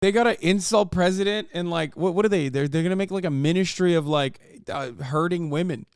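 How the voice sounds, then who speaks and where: A man's voice: high voice, a little fast, clear, resonant tone, dry recording, studio quality. A man in his thirties giving profane, sarcastic reaction commentary, ranting at what he watches. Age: 30s. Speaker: streamer reacting to a video.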